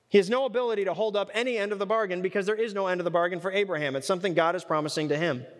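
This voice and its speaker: High-voiced preacher in an echoing hall. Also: male voice, fairly bright tone. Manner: conversational, asks rhetorical questions. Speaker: preacher teaching a Bible study. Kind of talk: sermon.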